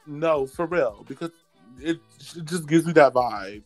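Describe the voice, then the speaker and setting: A young woman chats on a casual podcast with crude, laughing banter. Her voice sits on the low side and rises and falls with animated, lively pitch. Faint music plays behind her. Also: unhurried. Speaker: podcast co-host. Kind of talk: casual chat.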